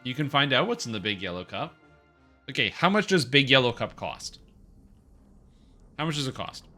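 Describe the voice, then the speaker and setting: A man's voice: medium pitch, very animated, normal speed, pushed and bright, soft background music. A man in his thirties streaming a game, joking and rambling as he reads chat aloud. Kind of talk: casual stream chat while gaming.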